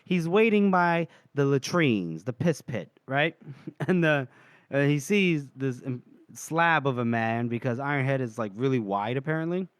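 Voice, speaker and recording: A man's voice: mid-range voice, animated, measured pace, clear, resonant tone, dry recording, studio quality. A man co-hosting a podcast in casual chat, retelling book scenes at length and chuckling as he goes. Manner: retells scenes at length, reading lines aloud with little laughs. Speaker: podcast co-host. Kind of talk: casual chat recapping a novel.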